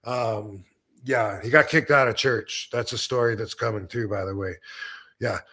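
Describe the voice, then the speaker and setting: A man's voice: lowish voice, fairly even intonation, normal speed, bright, forceful tone. A man hosting a live stream in casual chat, rambling and blunt, with crude jokes and many fillers.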